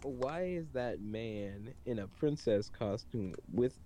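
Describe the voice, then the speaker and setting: A man's voice: medium pitch, animated, slow pace, warm tone, slight background noise. A young man co-hosting a podcast in casual chat on a voice call, blunt and incredulous with crude teasing. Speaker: podcast co-host.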